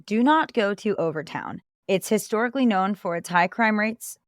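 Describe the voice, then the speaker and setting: A woman's voice: mid-range voice, animated, moderate pace, dry recording, clean studio sound. A woman giving travel safety advice in a conversational, earnest way, telling stories with animation. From Florida-based.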